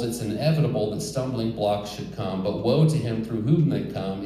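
Male preacher, mellow tone, heavy church echo, heard at a distance, emphatic sermon delivery with light humor. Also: lowish voice. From rural United States. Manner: earnest, emphatic, joking asides to the congregation. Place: church sanctuary. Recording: echoey church hall, distant mic.

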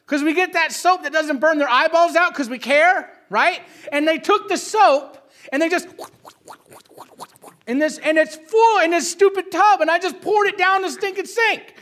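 High, bright-voiced man telling a story. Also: normal speed. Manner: animated storyteller, often asks "right?". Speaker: father telling a family story. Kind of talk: casual personal anecdote.

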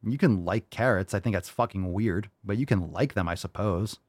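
A man hosting a comedy podcast, joking in a mock-angry, sarcastic way, jumping between loud jabs and low mutters. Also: moderate pace, no echo. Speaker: podcast host. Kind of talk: casual comedic banter.

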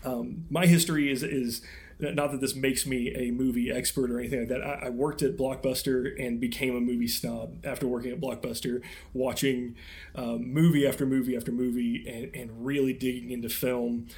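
A young man hosting a movie podcast, talking loosely and casually. He wanders through his points with fillers and false starts, often breaking into laughter, at an ordinary middle pitch. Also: flat delivery, normal speed, darkish tone. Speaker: podcast co-host. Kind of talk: casual chat.

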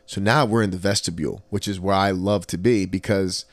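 A man's voice: sits low, a little fast, no echo. A man co-hosting a casual podcast, telling a profane story and acting out the people in it. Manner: animated storyteller, acts out quotes, swears freely. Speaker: podcast co-host.

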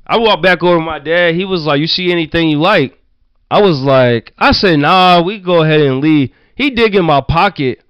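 A man telling rambling childhood stories in a relaxed, profane chat, full of "like" and quick laughs. His voice sits a bit high for a man. The sound is dry and dull, with a slightly muffled, lo-fi edge. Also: clear, resonant tone, no room sound. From Virginia, US. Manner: loose, profane, laughing anecdotes with many "like" fillers. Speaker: storyteller. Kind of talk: casual storytelling chat.

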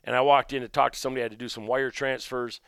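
Guy rambling thru a story on his podcast, smooth clear voice, dry close sound. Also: flat delivery, very fast, no echo. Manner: rambling, conversational, drops low and quiet when recounting his own remarks. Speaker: podcast host and gun shop owner. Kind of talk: casual storytelling monologue.

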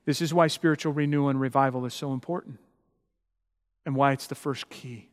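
A man's voice: mid-range voice, steady tone, a little fast. Preaching man in a reverberant hall. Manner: emphatic preaching, rising to loud passionate peaks. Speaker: pastor. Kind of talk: sermon.

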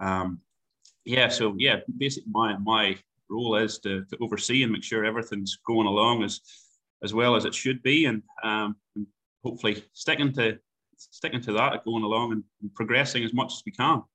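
A young Irish man from Ireland who manages a stud farm, talking in a halting way with many repeated words and ums in an interview. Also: lowish voice, steady tone, sharp tone. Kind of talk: phone interview chat.

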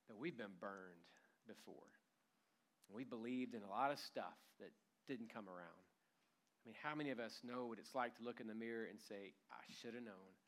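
Animated storytelling preacher man. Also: on the low side, creaky. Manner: animated storytelling, chuckles through lines. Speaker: pastor. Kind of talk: sermon.

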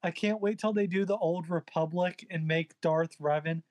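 A laid-back man chatting on a podcast in a relaxed, slangy way. His voice sits high. The recording is dry. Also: moderate pace, no echo. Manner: laid-back, says bro. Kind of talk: casual chat.

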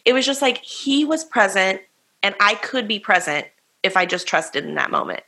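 A woman on a faith podcast speaks with a bright, crisp tone at a middle pitch. She tells her story earnestly and casually, often poking fun at herself. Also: sing-song, normal speed. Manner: earnest storytelling, self-deprecating. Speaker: podcast co-host.

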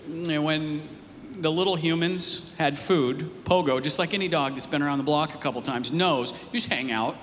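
Male pastor, slightly high voice, relaxed sermon storytelling, long hall echo with faint hiss. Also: normal speed. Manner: casual storytelling, rising emphatic near the end. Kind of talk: conversational sermon. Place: church sanctuary.

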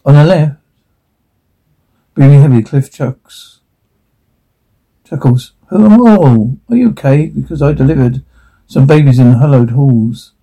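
A man's voice: medium pitch, steady tone, a little slow, pauses often, dark tone, breathy edge. A man reading a TV episode transcript aloud, voicing every part in a plain read and speaking the stage directions, stumbling now and then over words. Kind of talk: reading a script aloud, all parts.

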